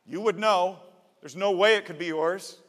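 A man's voice: high voice, moderate pace, a bit bright, big-room sound, pitched above the performer's own voice. A man voicing a bold male angel messenger who speaks with emphatic, rising urgency. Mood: urgent.

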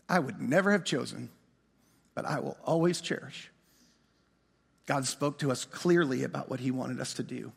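A middle-aged man, a pastor, preaching a sermon with animated, self-mocking storytelling that acts out both sides of a conversation. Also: on the high side, vocal fry, breathy edge. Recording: long hall reverb.

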